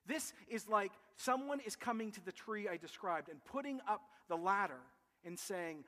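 A man preaching a sermon as pastor, animated and emphatic, with vivid comparisons. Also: high voice, moderate pace, long reverb tail.

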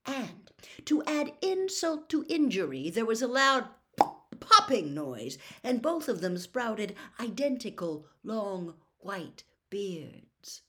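A woman reading a storybook aloud in an expressive, dramatic way. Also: fairly high pitch, slow pace. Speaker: narrator.

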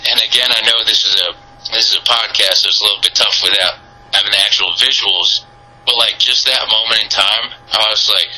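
Husky, bright-voiced male podcast guest. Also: lowish voice, fast talker, rough recording. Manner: animated, lots of fillers and swearing. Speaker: podcast guest, sports content creator. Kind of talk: casual storytelling.

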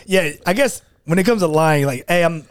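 Laid-back, slightly high-voiced man chatting. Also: animated, moderate pace, smooth, dry recording. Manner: laid-back, laughs through his stories. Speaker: guest, martial arts instructor. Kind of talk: casual chat.

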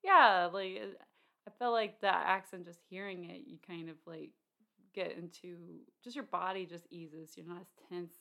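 A woman's voice: lowish voice, steady tone, normal speed, creaky, a bit bright. A woman co-hosting a casual film discussion, chatty, with many fillers and restarts.

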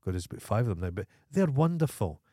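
A man's voice: fairly low pitch, very animated, quick pace, mellow, no echo, clean studio sound. A Scottish man co-hosting a podcast in casual chat, ranting emphatically and swearing freely. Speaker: podcast co-host.

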